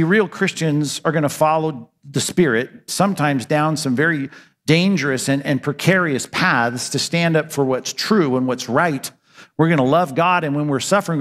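A man's voice: fairly high pitch, fairly bright tone. Emphatic male preacher in a reverberant hall. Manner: emphatic preaching with rhetorical questions and self-answers. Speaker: pastor. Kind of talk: sermon.

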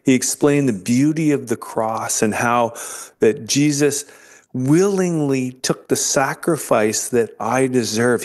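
A man's voice: medium pitch, darkish tone. A man in an interview, earnestly telling his personal faith story, often restarting and repeating words. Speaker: interview guest sharing his faith testimony.

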